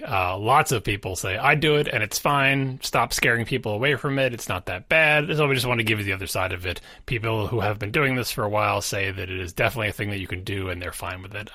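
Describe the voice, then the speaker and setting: Guy with a bright forceful voice, podcast tech chat, dry close mic, gets really emphatic. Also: no echo. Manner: animated, emphatic, pitch swings up on stressed words. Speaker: podcast co-host.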